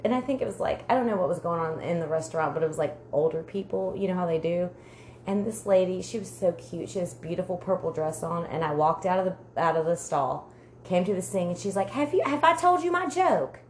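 A woman with a slightly low voice co-hosts a casual podcast, rambling through stories and laughing easily. She swears freely as she talks. A faint noise sits behind her. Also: quick pace, darkish tone. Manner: chatty storyteller, laughs often, swears casually. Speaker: podcast co-host. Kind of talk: casual chat.

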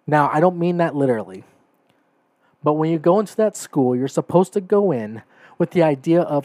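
A man's voice: fairly high pitch, lively intonation, normal speed, dark tone, no room sound. A man hosting a solo podcast, talking emphatically and often checking in with "right?" and "okay?", and growing heated. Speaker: podcast host. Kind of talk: opinionated solo podcast commentary.

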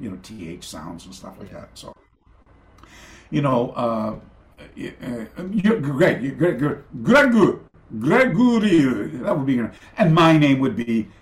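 An older man, a karate master, telling stories as an interview guest over a video call, animated and rambling, with many fillers and restarts. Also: mid-range voice, a little slow, echoey room. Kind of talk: casual storytelling interview.

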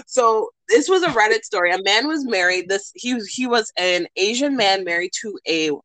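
A woman co-hosting a podcast, telling a story in casual chat, animated and profane, acting out the people she quotes. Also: mid-range voice, normal speed, no echo, rough recording. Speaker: podcast co-host.

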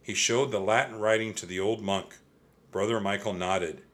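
A man reading a children's chapter book aloud as narrator, with expressive storytelling. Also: fairly low pitch, normal speed.

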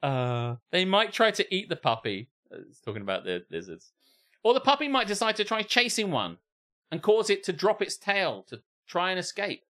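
A man's voice: high voice, normal speed. A man co-hosting a comedy podcast, reading out a post and riffing on it with laughter and swearing. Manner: animated, laughing, swearing, mock voices. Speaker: podcast co-host. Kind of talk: comedic reading of online posts.

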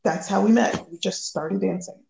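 A woman from the United States, a guest telling a personal story in a lively way, acting out the quoted lines. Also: medium pitch, normal speed, creaky, echoey room, crowd noise, poor audio. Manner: lively, acts out quoted dialogue.

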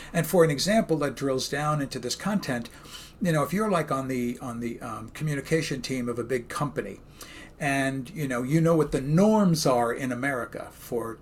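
A man's voice: medium pitch, slight background noise. A man with a Brooklyn accent co-hosting a podcast, talking enthusiastically in a rambling, casual way. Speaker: co-host, communication professor. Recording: very echoey room.

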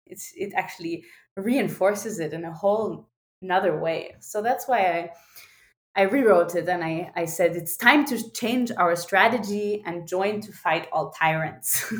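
Woman, young adult, animated, restarts often, echoey room. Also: on the low side. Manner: animated, frequent laughs and restarts. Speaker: guest, singer and activist. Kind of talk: podcast interview. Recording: roomy echo.

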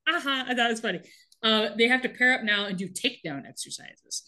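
A woman co-hosts a casual podcast chat, recapping a TV episode with animated energy and frequent laughs. Her voice is bright and sits fairly high. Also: quick pace. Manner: animated, laughs often while telling. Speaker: podcast co-host.

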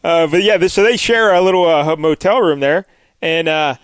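A man's voice: a little high, normal speed, smooth, no room sound. Chatty man with a dry close sound. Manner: chatty, joking, asks co-hosts questions. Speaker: podcast host. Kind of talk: casual chat recapping a comic.

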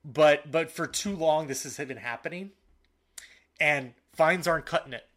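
A man co-hosting a soccer podcast in casual talk, animated and fired up, with frequent fillers and restarts. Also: on the high side, a little slow. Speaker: podcast co-host.

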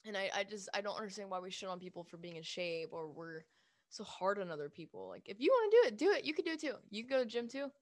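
A woman's voice: medium pitch, sing-song, fast talker, no room sound. A young adult woman ranting casually to her viewers, blunt and emphatic, swearing freely and filling her speech with "like". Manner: speaks with lots of "like" fillers. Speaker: vlogger. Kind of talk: casual rant to camera.

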